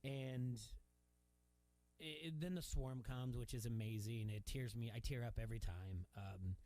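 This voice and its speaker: A male sports radio host telling a long personal story to his listeners. He talks in a loose, casual way, stopping and restarting often and filling gaps with "um" and "you know." His voice sits at an ordinary middle pitch. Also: measured pace, warm tone. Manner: rambling storytelling, many fillers and restarts.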